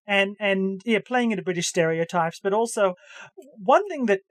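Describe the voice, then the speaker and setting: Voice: medium pitch, dry recording. Chatty podcast co-host, dry close mic. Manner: halting, with many restarts, breaking into hammed-up accent impressions. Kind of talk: casual chat.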